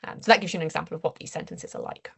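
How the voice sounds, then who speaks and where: A woman presents her research findings at an academic seminar. Her voice sits low and has a gravelly fry to it. She explains things steadily, pausing on ums and restarting phrases as she goes. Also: a bit bright.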